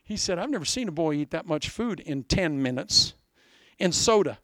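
A man's voice: a little high, normal speed, no echo, studio quality. A male preacher from Iowa delivering a sermon, telling stories animatedly and acting out voices. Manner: animated storytelling, acts out voices and laughs.

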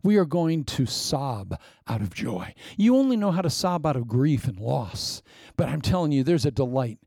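Male preacher, fervent conversational sermon, dark tone, dry close sound. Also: medium pitch, very animated, moderate pace, creaky, slightly rough, dry recording. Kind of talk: sermon ending in prayer.

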